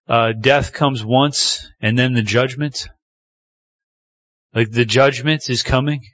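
A man's voice: medium pitch, fairly bright tone, dry recording, dull audio. A man preaching a sermon, reading scripture aloud and building emphasis as he speaks. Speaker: pastor.

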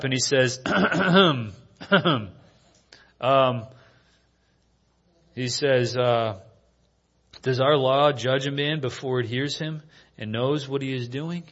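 A man's voice: fairly high pitch, fairly bright tone. A man preaching a sermon in an earnest, storytelling way that is full of rhetorical questions. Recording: dull lo-fi recording.

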